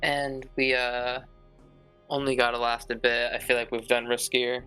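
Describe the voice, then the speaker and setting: A man's voice: mid-range voice, completely flat delivery, normal speed, pushed and bright, smooth, faint music behind. A man playing a tabletop game, speaking confidently and decisively in casual chat. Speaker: player.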